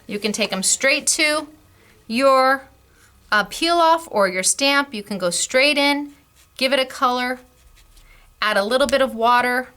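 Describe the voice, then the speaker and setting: Bright, gushing woman craft host. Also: on the high side. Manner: chatty, gushing, laughs often. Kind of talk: casual product demo.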